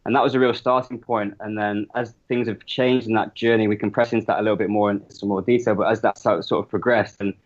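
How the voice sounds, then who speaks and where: This man rattles along quickly in a lowish voice, often stopping and restarting his sentences as he talks about his work. He's a guest on a casual podcast chat. The recording is dull and a bit lo-fi, as if the sound has been muffled. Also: fairly even intonation. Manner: rambling, restarts mid-sentence. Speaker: podcast guest, business co-founder.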